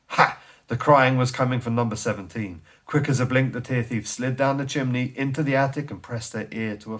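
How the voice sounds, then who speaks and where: A man tells a children's bedtime story with lots of drama in his voice. He drops to a near whisper for sneaky moments and then builds up loud and excited. His speaking voice sits a little low. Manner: animated, swings from hushed to loud and excited. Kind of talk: expressive children's story reading.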